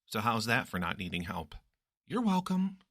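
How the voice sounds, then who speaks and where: A man's voice: sing-song, moderate pace, a bit bright, no room sound, studio quality. A man voicing a cheerful, meddling young woman friend in a teasing, bubbly way. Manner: teasing, bubbly, raises pitch.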